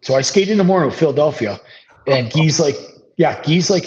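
Fairly high-pitched and brisk, a man in his 30s who used to play pro hockey rambles through a long anecdote as an interview guest. The storytelling is relaxed and loose, full of fillers, ums, and restarts, captured on slightly dull lo-fi audio.

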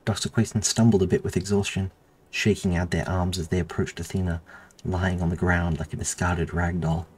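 A man reading his own story aloud in a steady, measured narration. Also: low voice, husky. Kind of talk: audiobook narration.

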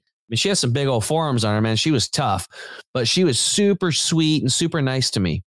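A man talks as a podcast guest, telling a story in a loose, rambling way with plenty of "like" and "dude". His voice sits in a middle pitch. It sounds dry, with no room echo. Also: a little fast. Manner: rambling and animated, many fillers and restarts; informal, says "dude" and "like". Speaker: podcast guest, health company founder. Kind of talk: casual storytelling in conversation.

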